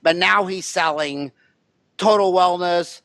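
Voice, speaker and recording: A man's voice: high-pitched, slow pace, fairly bright tone, slight background noise. A man hosting a podcast interview in casual chat, rambling, joking and blunt. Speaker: podcast host. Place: Scottsdale.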